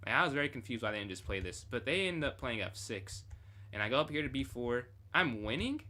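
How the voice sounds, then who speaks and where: A man's voice: medium pitch, very animated, fairly quick, pushed and bright. A young man casually reviewing his own chess game on a stream, thinking aloud and chatting with viewers.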